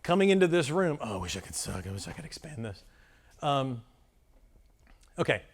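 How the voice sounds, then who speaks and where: A man leading a live filmmaking workshop for an audience, talking in a rambling, self-deprecating, animated way. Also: medium pitch, moderate pace, slightly rough. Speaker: workshop presenter. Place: conference room before a live audience.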